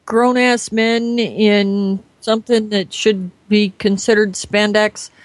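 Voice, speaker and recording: A woman on a casual podcast, cracking crude jokes and then quickly apologizing. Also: mid-range voice, little pitch movement, slight background noise.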